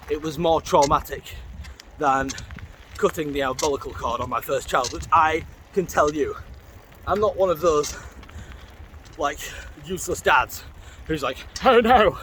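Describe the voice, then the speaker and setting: A man rambles through a story while out on a bike, swearing freely and nodding hellos to people he passes. His voice sits a little high for a man, and a faint hum of the outdoors runs underneath. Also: sharp tone. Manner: greets passers-by mid-sentence. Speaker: vlogger. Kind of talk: casual storytelling while cycling. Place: outdoors on a canal towpath, riding a bike.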